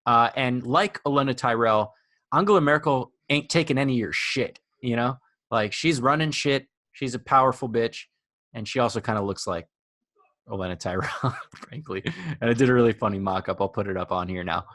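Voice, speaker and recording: A man's voice: medium pitch, fairly quick, fairly bright tone, no echo, clean studio sound. A young man co-hosting a podcast, rambling and argumentative, with lots of filler words. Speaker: podcast co-host. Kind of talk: casual chat.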